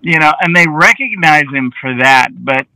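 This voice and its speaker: A man, a film director, telling lively anecdotes as an interview guest and often acting out the dialogue he quotes. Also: a little high, normal speed, no room sound, poor audio. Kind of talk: casual interview storytelling.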